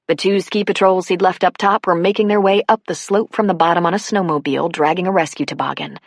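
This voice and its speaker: Low-voiced woman narrating a novel. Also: steady tone, quick pace, few pauses, dry recording, studio quality. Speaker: audiobook narrator. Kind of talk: scripted narration.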